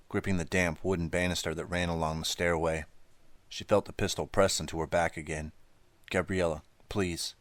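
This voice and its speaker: A man narrating a teen thriller audiobook in a steady, measured way. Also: low voice, dry recording. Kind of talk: scripted narration.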